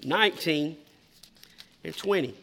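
A man preaching a sermon in church, moving from loud, emphatic declarations to slow, hushed questions to the congregation. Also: on the high side, creaky.

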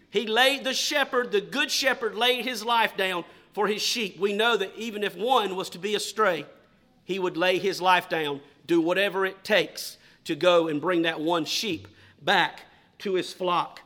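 A man preaching a sermon with a high, bright voice. He drives his points home with loud, slow emphasis, then drops to hushed questions aimed at the congregation. He talks as if he is standing before his own church.

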